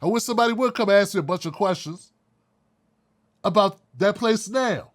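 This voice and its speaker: Male commentary host, high-pitched voice, blunt and heated, swears freely. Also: normal speed. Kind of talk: opinion commentary.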